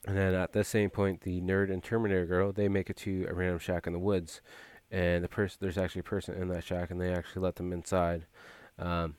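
A man's voice: low-pitched, level tone, brisk, darkish tone, clear, resonant tone, dry recording. A man casually recapping a movie plot, rambling with frequent filler words and restarts.

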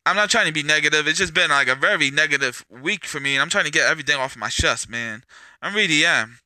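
A man hosts his own podcast in a loose, rambling rant, swearing often and closing his thoughts with "man" or "bro." His voice sits a little high and sounds intensely bright and tense. The recording is completely dry, with no room sound at all. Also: expressive, quick pace, no room sound. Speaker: podcast host. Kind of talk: casual solo podcast rant.

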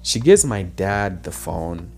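A man with a somewhat low voice tells a personal story in an earnest, halting way, with many small restarts. He grew up in Zambia. Faint music plays softly behind him. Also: very animated, vocal fry. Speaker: guest sharing a personal testimony.

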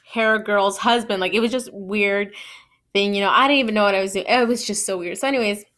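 A fairly quick, slightly bright voice of medium pitch belongs to a podcast host in her twenties. Chatty and self-deprecating, she laughs at herself while telling a personal story stuffed with "like" and "you know".

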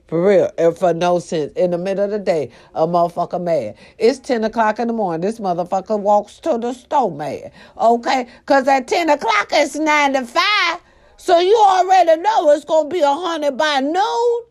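An older grandmother in a casual vlog, giving animated, profane advice to her viewers and calling them y'all. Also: a little high, normal speed. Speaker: vlogger. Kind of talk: casual straight-to-camera talk.

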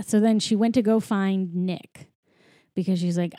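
A woman's voice: medium pitch, fairly even intonation, moderate pace, mellow, dry recording, studio quality. A woman recapping a movie in a casual chat, full of "like" and "you know", often giggling.

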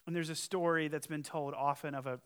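A man's voice: fairly high pitch, fairly even intonation, a little fast, smooth. A male pastor preaching a sermon, emphatic, with conversational asides and rhetorical questions. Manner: emphatic, swings from loud challenge to quiet earnest appeal.

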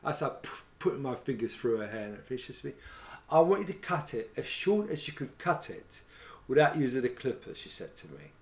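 A man's voice: medium pitch, very animated, fast. A middle-aged man, telling rambling anecdotes about his years as a hairdresser in a casual chat. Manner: rambling storyteller, many fillers like "right?" and "you know what I mean?". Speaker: former hairdresser telling stories.

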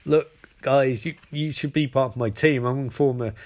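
A man voicing a smug male supervillain, talking low and quietly with halting restarts. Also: close to an everyday voice. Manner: mumbled, halting, lower and quieter.

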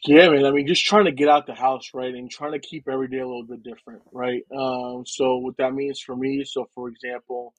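A young man from New Jersey, talking casually as a podcast guest, in a relaxed and rambling way with frequent "man" and "right". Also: mid-range voice, fairly quick, hardly any pauses, dry recording, low-quality recording. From New Jersey, United States. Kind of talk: casual conversation.

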